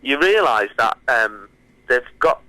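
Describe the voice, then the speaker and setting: A man, a comedian guest chatting on a radio interview, telling stories in a quick, self-mocking way. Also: mid-range voice, sing-song, sharp tone, no room sound, rough recording. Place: radio studio.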